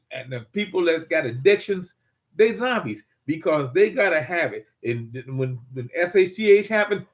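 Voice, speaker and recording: A man's voice: fairly high pitch, a bit bright. An older man hosting a prepper channel, talking casually to viewers in a rambling, folksy way with many repeats.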